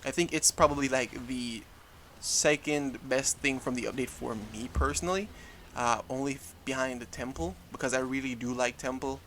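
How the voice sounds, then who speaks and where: Speaking at a normal speed, a young gaming YouTuber with a medium-pitched, slightly bright voice talks loosely over gameplay and often corrects himself along the way. A little hiss or hum is present.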